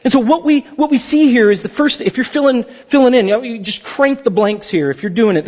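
An animated male pastor preaches with a high, lively voice that climbs and dips. His tone is slightly husky and the sound is dull, carried by the long echo of a large church hall. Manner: animated, jokey delivery with mock voices. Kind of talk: sermon.

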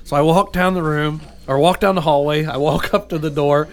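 Laughing storytelling radio host. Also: male voice, on the high side, steady tone, a little fast. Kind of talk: storytelling banter.

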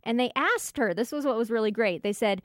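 A woman's voice: a little high, fairly quick, no echo, studio quality. A woman co-hosting a casual chat show, telling a story in a chatty way. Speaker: co-host.

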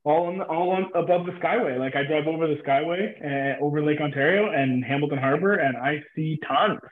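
Guest guy, laughs thru his stories, slightly high voice, sounds like a phone call. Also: brisk. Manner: laughs while telling stories. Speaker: podcast guest. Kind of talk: casual chat. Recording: tinny phone line.

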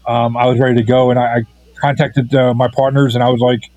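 Halting man, filler-heavy, dry sound. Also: mid-range voice, level tone, a little mellow, no room sound, muffled recording. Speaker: filmmaker guest. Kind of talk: casual interview.

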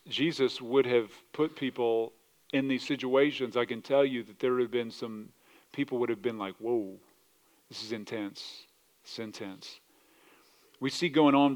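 A man preaching a sermon as pastor, passionate, swinging from loud declarations to quiet asides, quoting scripture and acting out other people's voices, asking the congregation questions. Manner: passionate, rises loud then drops low, acts out quoted voices; asks the congregation questions, southern 'y'all'.

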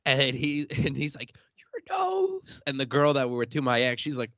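A young podcast host from Illinois tells rambling, swear-filled stories and laughs often. His voice sits at a middle pitch. The recording is dry and a little dull, like a home setup. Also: flat delivery, brisk, a bit bright, no echo. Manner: profane, laughing storyteller. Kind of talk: uncensored casual chat.

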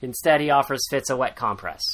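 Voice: medium pitch, brisk, fairly bright tone, slight background noise. A podcast host recapping a book in casual chat, rambling, sarcastic and swearing freely.

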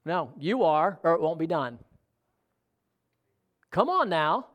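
A man's voice: on the high side, big pitch swings, slow pace, lo-fi sound. A man preaching a sermon in a conversational way, often asking the congregation questions. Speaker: pastor.

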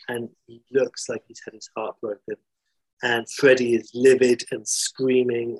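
A man with a husky, slightly breathy voice retells a story in a loose, animated ramble. He leans on fillers and restarts, and his pitch stays in a middle range. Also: rough recording.

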